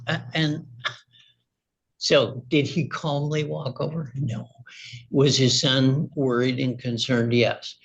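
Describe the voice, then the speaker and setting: A man giving a courtroom rebuttal as a litigant, quoting others in animated asides. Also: mid-range voice, takes it slowly, slightly rough, rough recording. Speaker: litigant responding.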